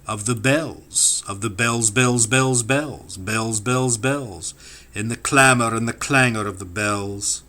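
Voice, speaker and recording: A man's voice: mid-range voice, takes it slowly, sharp tone. A man reading classic poems for an audiobook, with a rhythmic, incantatory delivery that sweeps up and down. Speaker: audiobook reader. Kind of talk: dramatic poetry reading.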